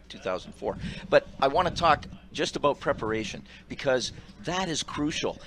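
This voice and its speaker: An older man, a retired hockey referee, telling animated stories on a sports radio panel. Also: medium pitch, a little hiss or hum, low-quality recording. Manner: animated anecdotes with acted quotes.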